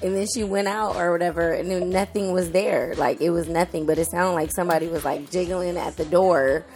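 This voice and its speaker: Woman, lowish voice, rambling story, casual chat, faint music. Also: steady tone, a little fast, a little mellow. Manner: rambling storyteller, many fillers.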